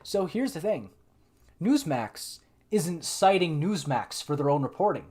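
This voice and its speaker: A man's voice: a little high, lively intonation, unhurried, darkish tone. A man hosting a live political commentary stream, sarcastic and exasperated, thinking aloud with frequent restarts.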